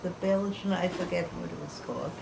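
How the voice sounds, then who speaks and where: A woman's voice: fairly low pitch, fairly even intonation, brisk, gravelly, darkish tone. A woman in her eighties, a chatty storyteller who laughs between her anecdotes in an oral history interview. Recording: distant mic with background noise.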